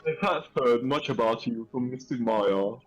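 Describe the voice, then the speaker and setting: A man's voice: a little high, huge pitch swings, a little slow, highs cut off, faint music behind, full character voice. A man voicing a stern elderly woman from a village, formal and scolding, calling the listener "good sir" again and again.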